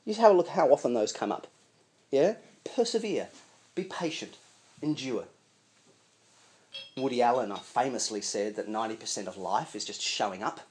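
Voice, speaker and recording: A man preaching a sermon in an animated, conversational way with chuckling asides. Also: mid-range voice, moderate pace, pauses often.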